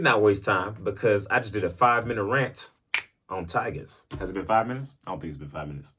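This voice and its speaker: A young man hosting a casual rambling podcast at home, recorded on a phone, talking in an animated, jokey way that slips into sung bits. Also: fairly low pitch, a little fast, husky. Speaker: podcast host. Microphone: phone mic.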